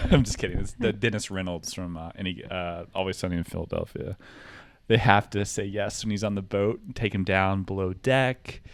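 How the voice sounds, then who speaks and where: Male podcast co-host, 30s, low and dry, loose filler-heavy anecdotes. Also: fairly even intonation, moderate pace, gravelly, no echo. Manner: rambling, filler-heavy, mimics voices in anecdotes. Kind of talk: casual comedic storytelling.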